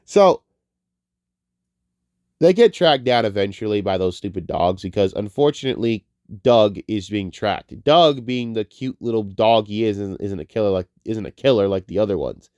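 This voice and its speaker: A man getting over a cold gives a rambling, excitable, profane spoken film review. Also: on the low side, moderate pace, no echo, clean studio sound. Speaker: movie reviewer.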